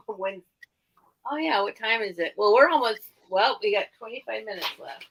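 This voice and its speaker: A woman hosting a live online sale, chatting excitably and teasing herself. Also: medium pitch, normal speed, vocal fry, slight background noise, poor audio. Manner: chatty, excitable, self-mocking. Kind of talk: casual live-sale chat.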